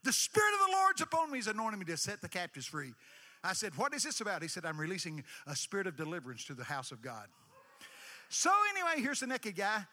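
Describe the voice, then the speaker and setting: An older man preaching a lively sermon in a church, his voice high for a man and ringing bright. He swings between quiet asides and sudden shouted bursts, and the sound carries a long hall reverb. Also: fast talker.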